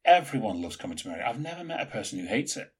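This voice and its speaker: A man co-hosting a podcast, chatting casually in an animated, rambling way with plenty of fillers. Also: lowish voice, very fast, breathy edge. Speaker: podcast co-host. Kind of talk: casual chat.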